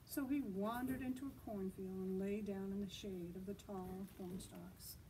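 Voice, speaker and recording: A woman librarian reading a picture book at a children's storytime, gently asking her listeners questions as she goes. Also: mid-range voice, steady tone, unhurried, far from the mic, slight background noise, low-quality recording. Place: outdoors.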